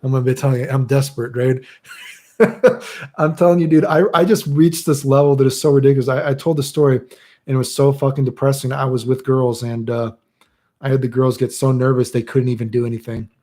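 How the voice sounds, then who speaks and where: A man's voice: mid-range voice, little pitch movement, fast talker, darkish tone. A young man chatting casually as a streamer answering chat, crude and rambling, swearing a lot.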